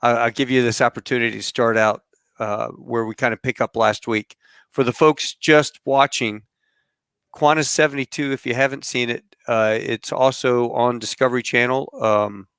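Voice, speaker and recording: Guy hosting his podcast, smooth clear voice, dry close sound, rambles with lots of ums. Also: medium pitch, normal speed, no room sound. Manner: relaxed, rambling with fillers and aviation slang. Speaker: podcast host. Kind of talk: casual podcast chat.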